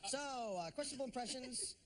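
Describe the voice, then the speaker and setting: A man's voice: extremely high pitch, animated, brisk, crowd noise. A man hosting a game show, introducing games with jokes and chuckling between them. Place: television studio stage. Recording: studio with audience noise.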